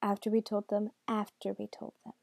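A woman voicing a young prince who answers hesitantly and quietly. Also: mid-range voice, monotone, normal speed, creaky, no room sound. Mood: confused. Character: young prince, confused and reluctant.

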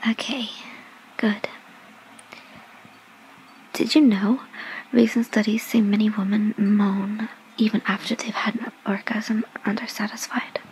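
Slow whispered role-play by a woman. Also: a little high, slight background noise, poor audio. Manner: slow, teasing, commanding whisper.

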